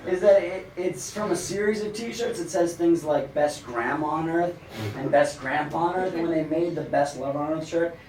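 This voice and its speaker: A middle-aged man doing a stand-up comedy set in a club, with a dry, rambling deadpan delivery and many pauses. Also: on the high side. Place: comedy club stage with live audience. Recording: roomy club sound from a distant mic, noisy. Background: audience laughter.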